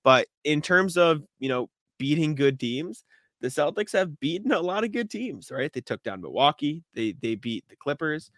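Uomo che parla di sport, suono asciutto. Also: male voice, a little high, sing-song, fairly bright tone, dry recording, studio quality. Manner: rapid, rambling, repeats words and clears throat. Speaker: podcast co-host and sportswriter. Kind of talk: casual sports chat.

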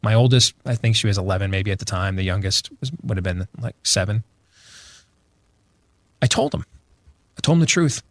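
A man's voice: fairly low pitch, normal speed, long pauses, no room sound. A man giving opinionated talk-show commentary, emphatic, repeating phrases for force. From Iowa, US. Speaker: radio show guest.

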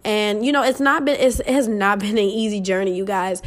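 A young woman hosts her own podcast, speaking directly to listeners in a motivational monologue that's earnest, emotional and casual. She swears freely and calls them "you guys," in a medium-pitched, steady voice at a fairly quick clip.

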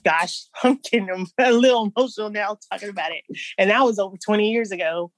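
A woman telling personal stories in an interview, halting and restarting, with soft nervous laughs. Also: mid-range voice. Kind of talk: personal storytelling.

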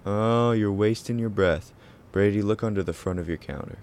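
A man's voice: fairly low pitch, normal speed, noisy background, close to an everyday voice. A man as a smug gloating agent. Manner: smug, taunting.

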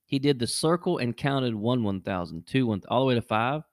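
A middle-aged man hosting a podcast, telling a casual story and jumping his voice up high when he acts out what people said. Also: brisk, dry recording, clean studio sound. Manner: animated, jumps high when acting out quotes. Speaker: podcast host.

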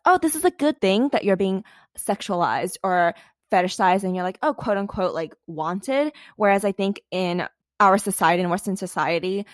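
Woman, young, american, podcast co-host, animated, swears, dead dry sound, mid pitch. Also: no room sound. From United States. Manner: animated, swears freely, frequent "like". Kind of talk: casual podcast chat.

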